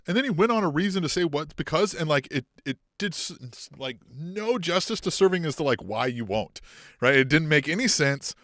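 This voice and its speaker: A man's voice: on the high side, expressive, a little fast, a bit bright, no room sound, clean studio sound. A man co-hosting a casual podcast chat, laughing often, swearing, and acting out quotes in a raised voice. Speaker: co-host.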